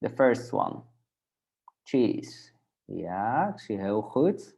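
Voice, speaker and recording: A man with a Dutch accent teaching a Dutch class online, patiently repeating words slowly for learners, with a native Dutch speaker's English. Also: fairly low pitch, big pitch swings, creaky, a little mellow.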